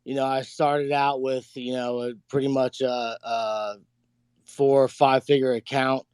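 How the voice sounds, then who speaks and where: A man calling in, speaking in a halting, grateful way. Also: mid-range voice, level tone, darkish tone, clear, resonant tone, dry recording, studio quality. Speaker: caller. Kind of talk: casual chat on an audio chat room.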